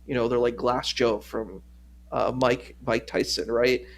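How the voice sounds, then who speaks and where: A man guesting on a livestream, critiquing a debate in a measured, rambling, casual way. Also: mid-range voice, flat delivery, a little hiss or hum. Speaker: stream co-host guest. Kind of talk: casual discussion.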